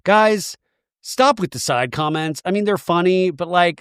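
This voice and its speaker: A man hosting a podcast, giving comedic recap commentary in an animated, sarcastic way with plenty of swearing. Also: sits high, unhurried, clear, resonant tone, no echo, clean studio sound. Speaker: podcast host.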